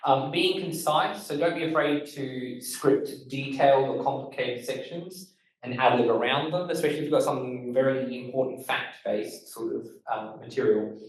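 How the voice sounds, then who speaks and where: An Australian man gives a loose, quick instructional talk, leaning on key words and stumbling through fillers. He stands back from the mic, and the room rings with heavy echo. His pitch sits in an ordinary middle range. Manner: fast-talking, emphatic, loose with fillers. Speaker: podcast host giving a talk. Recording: echoey room, voice from far off.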